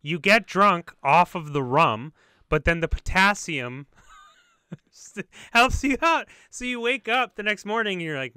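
Young guy podcast cohost, really bright and crisp, dry close mic, jokey and teasing. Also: sits high, unhurried, no room sound. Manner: joking, animated, teasing. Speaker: podcast co-host. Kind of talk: casual chat.

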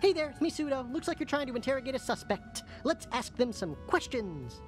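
A perky female detective assistant in a video game, chipper and encouraging as she cheers the player on. Her fairly high voice bounces lively up and down, over game music. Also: brisk.

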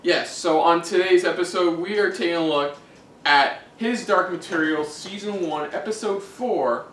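A man's voice: high-pitched, moderate pace, a bit bright. A man co-hosting a reaction show, recapping an episode in a casual, hesitant way with many ums and restarts. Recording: echoey room, mic at a distance, faint noise.

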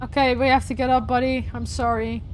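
A young woman playing through a game's ending, tearful and heartfelt, talking softly to the game and her viewers. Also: high voice, flat delivery, a little fast, a little hiss or hum. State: teary from crying. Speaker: gaming streamer. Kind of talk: emotional let's-play commentary.

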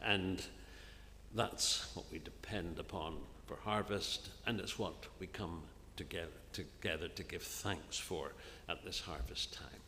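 A man preaching an earnest sermon in a church, often dropping to a soft, hushed voice on key phrases. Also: low-pitched, a little slow, slight background noise. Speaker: minister preaching. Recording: long reverb of a church hall, faint ambience.

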